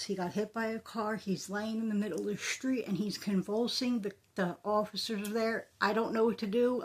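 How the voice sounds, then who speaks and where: A middle-aged woman recounts a memory from her own life. She talks casually and plainly, using "like" often and repeating words for emphasis. Her pitch sits in an ordinary middle range for a woman. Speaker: storyteller. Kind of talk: casual personal storytelling.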